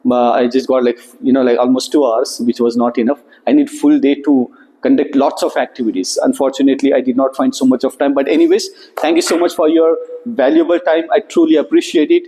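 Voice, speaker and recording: A man giving a lively motivational workshop to students, often checking in with a rising "okay?". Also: medium pitch, fairly quick. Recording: echoey hall recording.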